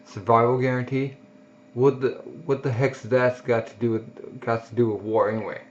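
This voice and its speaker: A man's voice: mid-range voice, little pitch movement, moderate pace, slight background noise, close to an everyday voice. A man reading as a grim, brooding mercenary. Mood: gruff. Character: grim battle-worn young male mercenary. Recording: dull lo-fi recording.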